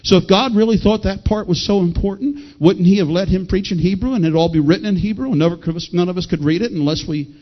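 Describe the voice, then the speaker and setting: High-voiced man preaching a lively sermon. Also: fast talker, few pauses. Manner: folksy, animated preaching with shouted peaks. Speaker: pastor. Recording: dull lo-fi sound.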